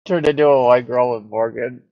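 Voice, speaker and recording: A man's voice: mid-range voice, steady tone, normal speed, no echo, highs cut off. Man tossing in dry teasing quips. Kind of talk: casual chat.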